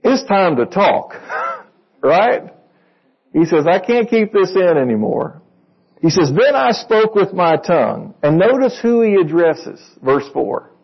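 A male pastor with a slightly high, husky voice, preaching in a conversational way. He reads verses aloud and puts questions to the congregation. The sound is dull and lo-fi, as if recorded in a church. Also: big pitch swings, slow pace. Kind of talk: sermon.

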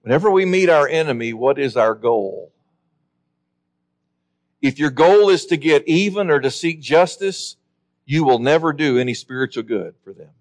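A man preaching a sermon in an earnest, emphatic way, slowing down to stress key words. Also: fairly high pitch, animated.

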